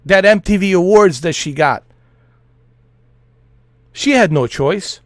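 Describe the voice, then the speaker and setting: A man's voice: high voice, expressive, takes it slowly, no echo. A man streaming while he plays, ranting in a heated, profane, repetitive way. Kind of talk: ranting monologue over a flight sim.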